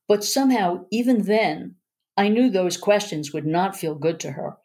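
A woman's voice: on the low side, moderate pace, a little mellow. A woman narrating a first-person memoir aloud in an earnest, emotional way.

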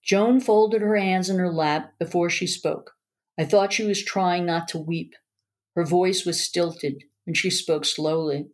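A woman's voice: fairly low pitch, fairly even intonation, measured pace. A woman narrating a first-person memoir aloud in an earnest, emotional way.

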